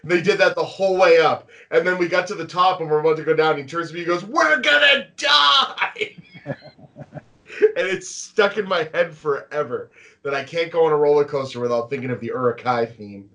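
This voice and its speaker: Animated man telling stories with laughs. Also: a little high, fast talker. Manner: animated storyteller, laughs often. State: anxious about flying. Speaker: podcast host. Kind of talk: casual podcast chat.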